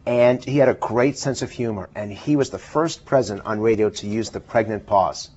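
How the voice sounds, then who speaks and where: Husky man explaining in a TV interview. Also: fairly low pitch, moderate pace, darkish tone. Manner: emphatic, explanatory. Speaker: political pollster guest. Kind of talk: televised interview. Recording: dull lo-fi television audio.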